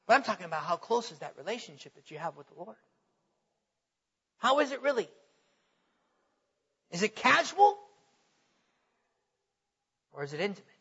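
A man preaching a sermon who reads scripture aloud and asks his listeners direct questions, swinging between soft questioning and loud, earnest declaring. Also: high-pitched, slightly rough. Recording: echoey hall, dull lo-fi sound.

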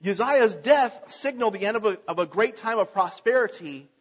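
A man's voice: high voice, lively intonation, moderate pace, hardly any pauses, breathy edge, long reverb tail. A man preaching a sermon, earnestly reading scripture aloud and then explaining it. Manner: earnest, reading aloud with small slips and restarts. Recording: dull lo-fi recording.

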